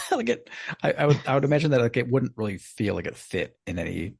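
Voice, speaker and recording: Male co-host, raspy and gravelly, lively pitch, musing delivery. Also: brisk, dry recording. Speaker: podcast co-host. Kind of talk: casual chat.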